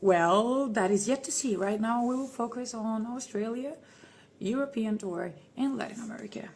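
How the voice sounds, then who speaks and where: A woman answering fan questions on a livestream, playful and theatrical, calling listeners "my dear" and often dropping into a hushed whisper. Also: on the high side, measured pace. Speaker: band member answering fans on a livestream. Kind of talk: casual live Q&A reading fan comments.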